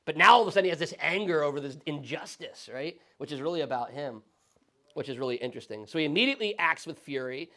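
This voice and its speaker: A male pastor teaching a Sunday school Bible study in a conversational, animated way, often checking in with the class. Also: a little high, fast talker. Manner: conversational, animated, frequent tag questions.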